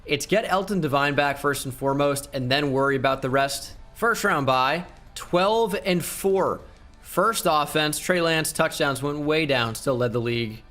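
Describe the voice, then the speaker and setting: A man talks over his own gameplay, rattling off numbers quickly and throwing in jokes. He gets excited when his team pulls ahead. Soft music plays faintly underneath. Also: fairly high pitch. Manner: rattles off stats with joking asides. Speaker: gaming channel host. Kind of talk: casual video game commentary.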